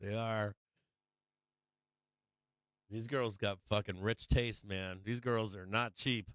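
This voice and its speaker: A middle-aged man talks in a loose, profane livestream chat style. His voice is smooth and resonant, and the sound is close and dry. He jokes constantly and swears freely. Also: lowish voice, steady tone, takes it slowly, fairly bright tone, dry recording. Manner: crude, joking, laughs often, lots of swearing. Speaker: stock market livestream host.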